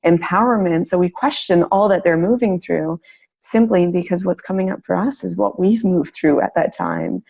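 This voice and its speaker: Woman host, low gravelly voice, mellow tone, earnest and reflective. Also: big pitch swings, normal speed. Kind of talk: conversational interview.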